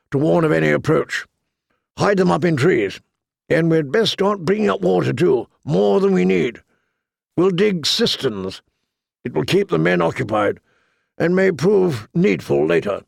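A man playing a gruff old military commander who gives brusque, decisive orders. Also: a little high, dry recording, studio quality, voice pushed up, full character voice. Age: older.

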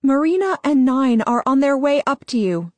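Woman putting on a high, urgent young girl. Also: expressive, moderate pace, dry recording. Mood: urgent guiding.

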